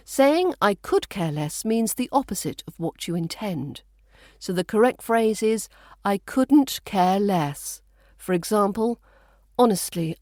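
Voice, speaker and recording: A woman's voice: medium pitch, lively intonation, measured pace, darkish tone, dry recording, studio quality. A woman with a British RP accent giving a scripted pronunciation lesson as an accent coach, precise and dryly playful.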